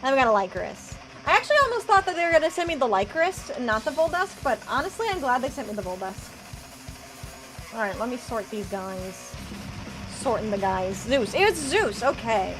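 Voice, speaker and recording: Chatty high-voiced woman streamer. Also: very animated, music in the background. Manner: chatty, rambling, quick to laugh. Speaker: live streamer opening trading cards. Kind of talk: casual live-stream chat.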